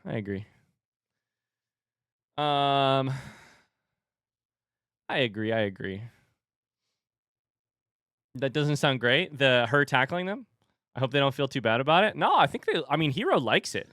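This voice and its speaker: A man's voice: mid-range voice, sing-song, measured pace, pauses often, fairly bright tone, no room sound, studio quality. A man chatting casually on a livestream, rambling and reading viewer messages aloud.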